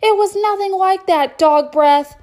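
A woman's voice: fairly high pitch, expressive, normal speed, darkish tone. A woman voicing a glum, stubborn young boy who insists and whines. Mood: shouting.

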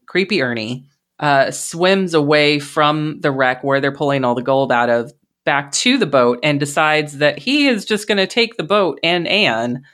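A woman's voice: sits low, a bit bright. A woman hosting a podcast, recapping a film in casual chat, swearing freely and laughing in disbelief. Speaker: podcast host.

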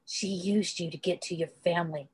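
A woman voicing a wounded, brooding young man with a low, heavy, weary delivery in an amateur fan-fiction reading. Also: fairly even intonation, moderate pace, a little mellow, husky, low-quality recording. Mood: bitter.

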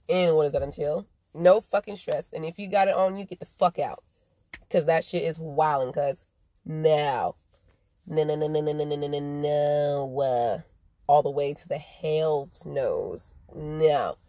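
A woman delivers a profane, rambling monologue, stretching some phrases out slowly and rushing through others. Her voice sits on the low side, and the recording is dry and close, with no room sound. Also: darkish tone, no echo. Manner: swears constantly, swings from drawn-out slow phrases to rapid bursts. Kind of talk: profane stream-of-consciousness monologue.

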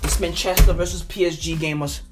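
A woman's voice: fairly low pitch, fairly even intonation, a little fast, music in the background. A woman hosting a podcast, ranting about football in a profane, stammering, overexcited way. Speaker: podcast host. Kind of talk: casual football rant.

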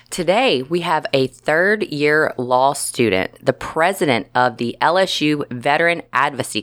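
A woman's voice: a bass voice, a bit bright. A woman in her forties hosting a podcast, chatting casually and laughing often. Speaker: podcast host.

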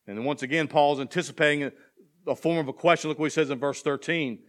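Speaking briskly at medium pitch, a man preaches to his church as its pastor. He poses questions to the congregation for them to answer and builds to emphatic, increasingly intense passages.

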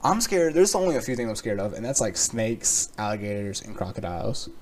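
A young man talks on his own podcast in a loose, rambling way, swearing freely and tossing in sarcastic asides. His voice sits a little low, and he fills the gaps with "like" and "you know.". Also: big pitch swings, a little fast, a little mellow. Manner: rambling, profane, sarcastic, lots of filler words. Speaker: podcast host. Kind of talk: casual solo podcast rant.

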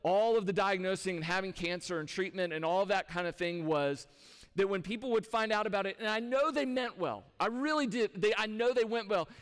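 A male pastor with a notably high voice delivers a sermon in an easy, conversational way, often turning to the congregation with questions. His words ring out with a long reverb from a large church hall. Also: clean tone. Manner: conversational, with rhetorical questions to the audience. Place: church sanctuary.

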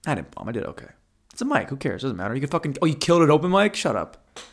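A man's voice: medium pitch, very animated, racing. Profane, rambling male stand-up comic. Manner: profane, rambling, self-deprecating. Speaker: stand-up comedian. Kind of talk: stand-up storytelling.

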